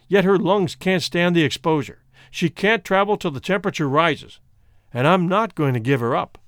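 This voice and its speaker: A man's voice: sits high, moderate pace, dry recording, clean studio sound, lightly acted. A man reading an audiobook, voicing a jealous, hot-tempered man who blusters and threatens. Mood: bitter contemptuous. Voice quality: forceful, blustering. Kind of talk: audiobook character voice.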